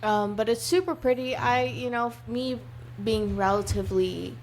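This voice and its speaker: A woman's voice: a little high, normal speed. Woman, conversational podcast guest, slight hesitations, faint background hiss. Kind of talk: casual chat.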